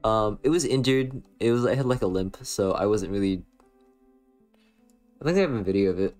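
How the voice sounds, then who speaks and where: A young American man with a fairly low voice talks loosely to his stream chat. He rambles, leans hard on filler words and teases playfully. Soft music plays faintly in the background. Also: animated, brisk. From western United States. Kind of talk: casual chat reading stream chat.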